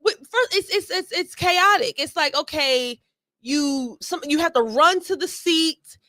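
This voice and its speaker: Sarcastic black woman on a podcast, high voice, super bright, dry sound. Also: unhurried, dry recording. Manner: blunt, sarcastic, animated. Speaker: podcast co-host. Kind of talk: casual commentary chat.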